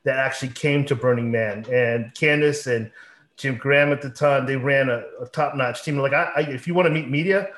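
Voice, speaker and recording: A man in his forties hosting a casual podcast, telling a long rambling story with animated asides. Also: mid-range voice, normal speed. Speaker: podcast host.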